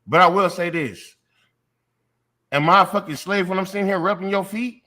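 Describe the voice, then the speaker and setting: A man co-hosting a talk show, heatedly debating in casual chat. His voice sits a little high for a man. He swears freely and piles up emphatic points. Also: moderate pace, over a noisy crowd. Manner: profane, emphatic, argues in long build-ups. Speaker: podcast co-host.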